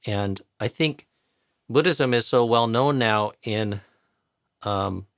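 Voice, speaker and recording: An American man teaching chanting pronunciation patiently in a live online tutorial, repeating each sound slowly to demonstrate it. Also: fairly low pitch, fairly bright tone, no echo, studio quality. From United States.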